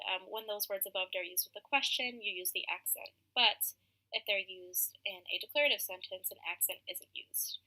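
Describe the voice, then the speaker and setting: A woman's voice: mid-range voice, sharp tone, low-quality recording. A young woman narrating a slideshow presentation for a class, reading from her slides with frequent ums.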